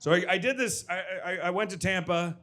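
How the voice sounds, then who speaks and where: A man performing a stand-up comedy set on a club stage, telling energetic stories with loud shouted impressions and quick asides. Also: high voice.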